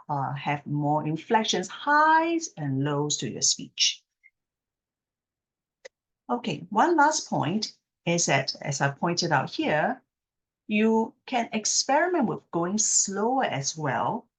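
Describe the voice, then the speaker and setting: A woman speech therapist explaining a technique patiently, checking in with the listener and acting out example phrases slowly with exaggerated inflection. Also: on the low side, slightly rough. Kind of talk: instructional talk to camera.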